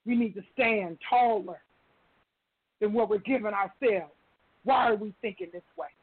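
A woman's voice: medium pitch, moderate pace, breathy edge, no echo. A woman calling into a talk show, speaking with impassioned, preaching conviction. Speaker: caller. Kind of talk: emotional call-in talk. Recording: phone line.

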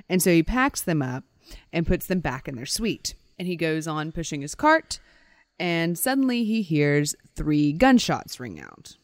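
Animated woman telling a story. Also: deep voice, a little slow, dry recording. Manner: animated, acts out quotes with playful voices. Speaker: podcast co-host. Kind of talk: casual storytelling chat.

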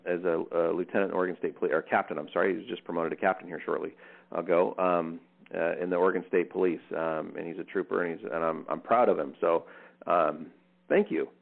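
Excited host guy, lots of ums, lowish voice, sounds like a tinny phone line. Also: vocal fry. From US Northwest. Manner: upbeat, filler-heavy, stumbling restarts. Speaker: podcast host. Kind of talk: casual interview.

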